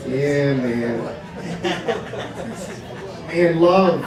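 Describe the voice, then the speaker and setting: A brash middle-aged stand-up comic, his high voice leaping all over as he swears and shouts his punchlines. He is caught from a distance in a very echoey bar room, with a crowd laughing clearly around him. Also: expressive, moderate pace. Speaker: stand-up comedian. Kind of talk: stand-up comedy set. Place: comedy bar stage, live audience.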